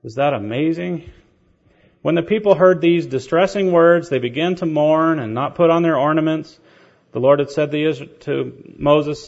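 Man, preacher, gravelly voice, storytelling sermon, rhetorical questions, muffled lo-fi recording. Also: fairly high pitch, normal speed. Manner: animated storytelling with rhetorical questions and light laughs.

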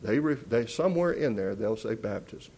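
A man's voice: mid-range voice, expressive, normal speed. A man preaching a sermon, emphatic and teacherly, asking questions and answering them. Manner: emphatic, rising loud on key words.

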